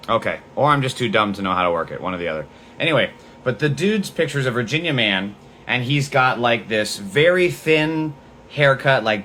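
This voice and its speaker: A man's voice: medium pitch, bright, forceful tone, a little hiss or hum. A man hosting a political podcast livestream, talking in a profane, sarcastic, mocking way. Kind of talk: livestream commentary.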